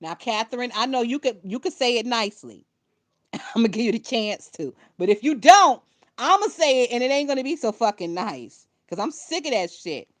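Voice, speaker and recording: A woman's voice: a little high, animated, a little fast. A young woman giving casual gossip commentary to her viewers, blunt and profane, often laughing. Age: young adult.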